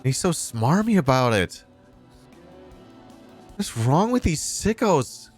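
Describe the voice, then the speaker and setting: A man's voice: on the high side, big pitch swings, slow, soft background music. A man hosting a livestream, reacting to news clips in a sarcastic, ranting way and swearing freely. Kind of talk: casual livestream commentary.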